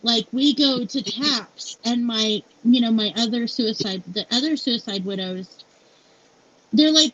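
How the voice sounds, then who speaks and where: Here the guest is a middle-aged woman who founded and runs her company as CEO, recounting something personal with honesty and warmth and plenty of filler words such as "like" and "you know." Her voice runs on the high side and fairly bright, at a measured pace. Faint noise sits under a dull, lo-fi recording.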